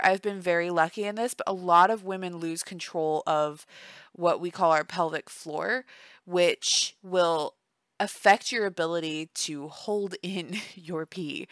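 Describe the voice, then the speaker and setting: A woman's voice: lowish voice, sharp tone, no room sound. A tired young woman chatting casually and giggling in a voice-only vlog. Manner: chatty, giggly, self-deprecating. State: tired, yawning. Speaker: vlogger. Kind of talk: casual chat. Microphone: voice-only home recording.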